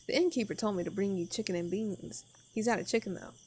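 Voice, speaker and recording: A woman's voice: mid-range voice, fast, dark tone, slightly rough, lightly acted. A woman reading as a chirpy inn worker. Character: cheerful woman innkeeper's helper.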